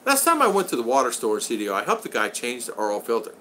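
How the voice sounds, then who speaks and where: A man's voice: medium pitch, huge pitch swings, very fast, pushed and bright, slight background noise. An older American man hosting a casual livestream, reading viewers' chat aloud, greeting them by name and laughing often. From United States.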